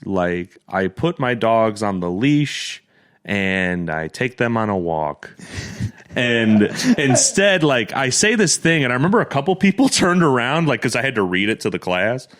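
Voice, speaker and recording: A man's voice: lowish voice, fairly bright tone. A young man co-hosting a podcast, telling stories in a casual, profane way and laughing often. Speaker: podcast co-host. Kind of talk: casual chat, storytelling.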